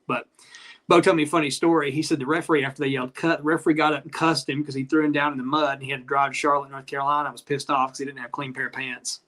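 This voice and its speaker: Rich: A man who used to wrestle tells rambling, profane stories at a rapid clip. His voice sits slightly high for a man. He speaks as a guest in a relaxed chat. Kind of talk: casual chat.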